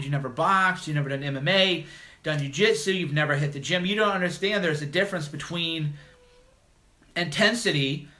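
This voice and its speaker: A man's voice: on the high side, bright, forceful tone. A man hosting a call-in livestream, talking bluntly and mocking his critics in a combative monologue. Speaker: livestream host.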